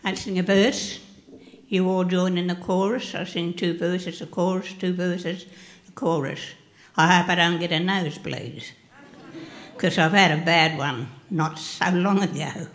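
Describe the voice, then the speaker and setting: A woman's voice: lowish voice, fairly even intonation, measured pace, a bit bright. A woman at a community awards event, chatting casually and joking as she tells the audience how to join in. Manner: chatty, self-joking, gives the audience instructions. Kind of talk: casual spoken lead-in to a sing-along. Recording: roomy hall sound.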